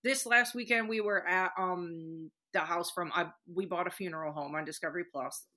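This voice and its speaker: A woman's voice: lowish voice, normal speed, bright, forceful tone. A woman guest on a podcast, talking casually with plenty of fillers and frequent swearing. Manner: chatty, swears freely, many fillers. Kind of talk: casual chat.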